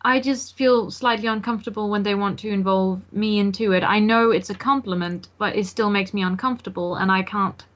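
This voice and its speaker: A woman's voice: mid-range voice, fairly even intonation, fairly quick, few pauses, fairly bright tone, lo-fi sound. A young woman from Denmark with a Danish accent, chatting casually on a podcast and often restarting her sentences. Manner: hesitant, restarts often, earnest. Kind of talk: casual chat.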